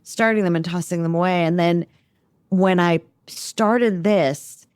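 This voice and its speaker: An American woman author talking animatedly about her novel and reading from it, self-deprecating and quick. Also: on the low side, darkish tone, clean tone, no echo, clean studio sound. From United States. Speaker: author guest. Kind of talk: conversational interview and reading aloud from her novel.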